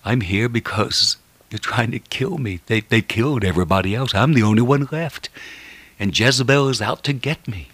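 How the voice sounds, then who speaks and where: A preacher voicing a desperate prophet pleading high. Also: male voice, drawn-out words, few pauses, warm tone, husky, no room sound. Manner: pleading, rising in pitch. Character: frightened, despairing male prophet pleading.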